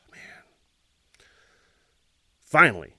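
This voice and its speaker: A man hosting a podcast and telling a story, swearing freely and acting out loud noises. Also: dry recording, clean studio sound. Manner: profane, expressive retelling with loud sound effects. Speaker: podcast host.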